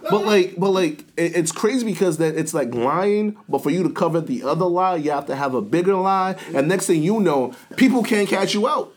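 A man's voice: sits high, brisk, hardly any pauses. A man chatting casually with friends, telling stories with lots of restarts and acted-out quotes. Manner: animated storyteller, many restarts, acts out quotes. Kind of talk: casual chat.

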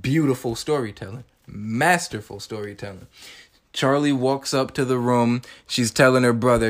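A man in his twenties, hosting a podcast, retelling a movie scene in an animated, casual way and acting out the characters' lines in quick bursts. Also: mid-range voice. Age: 20s. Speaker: podcast host.

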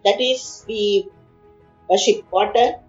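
A woman with a medium-pitched, darkish voice retells an epic story in conversation, taking it slowly. She explains each verse line by line and acts out the figures' words and pleas. The audio is reverberant and dull, with faint music behind her.

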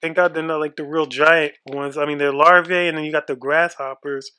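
A nervous young man chatting on a podcast, his voice bright and tense and sitting a little high. He sounds shaky and keeps swearing freely as he frets aloud. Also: level tone, fairly quick, smooth. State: shaky and freaked out. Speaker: podcast co-host. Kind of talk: casual chat.

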